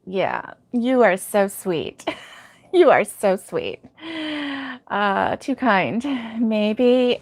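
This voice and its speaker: Reading out live chat on her crochet channel, a slightly high-voiced woman sounds sleepy and keeps yawning. She addresses viewers by name, laughing and umming often, in a dry recording.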